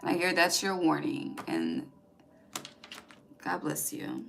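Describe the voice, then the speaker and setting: A woman's voice: sits low, huge pitch swings, slow pace, gravelly, a bit bright, slight background noise, poor audio. A woman giving a casual tarot reading, chatty and emphatic, swearing freely and talking straight to her viewers. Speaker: tarot reader.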